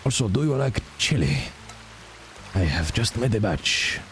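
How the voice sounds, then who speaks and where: A man's voice: fairly low pitch, unhurried, slight background noise. A man voicing a flamboyant, boastful bandit landowner with a put-on Spanish accent, in a theatrical style. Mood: swaggering. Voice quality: lively, theatrical.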